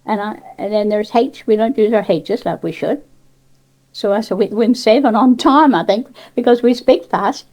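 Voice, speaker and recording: An older woman with a warm, dark Cornish voice talks in an easy, rambling way, often restarting her sentences. Her middling pitch stays relaxed as she answers the interviewer. It comes from an old cassette tape. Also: moderate pace, poor audio. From Cornwall. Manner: chatty, rambling, with many restarts and asides. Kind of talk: dialect interview.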